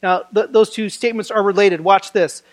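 A man's voice: high-pitched, steady tone, fairly quick. A man preaching a sermon in a conversational style, acting out the voices he quotes.

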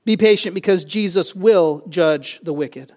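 Animated high-voiced male preacher. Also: measured pace. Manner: animated preaching, rising loud on key phrases, joking asides. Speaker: pastor. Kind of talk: sermon.

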